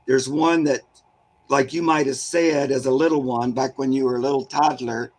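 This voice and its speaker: A man working as a spirit medium, chatting casually and telling animated stories. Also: medium pitch, moderate pace, poor audio. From Southern California. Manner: chatty storyteller, warm and animated about animals. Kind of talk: casual chat.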